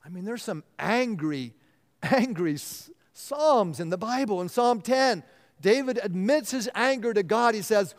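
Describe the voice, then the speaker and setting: A male pastor delivering an earnest sermon, often dropping to a hushed voice to stress a point. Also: high-pitched, lively intonation, a little slow. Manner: earnest, drops to a hushed voice for emphasis. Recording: long reverb of a large hall.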